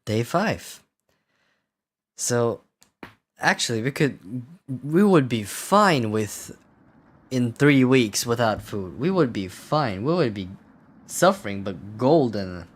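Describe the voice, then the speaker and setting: A man's voice: medium pitch, expressive, slow pace, long pauses. A man playing a video game, casually commenting and reading the game's text aloud, swearing often in a dry, sardonic way. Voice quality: profane, sardonic. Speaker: gameplay streamer.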